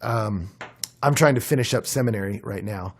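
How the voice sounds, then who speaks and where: A young man preaching a conversational sermon, his voice worn and hoarse, with frequent fillers and animated emphasis. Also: lowish voice, moderate pace, a little hiss or hum. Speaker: pastor.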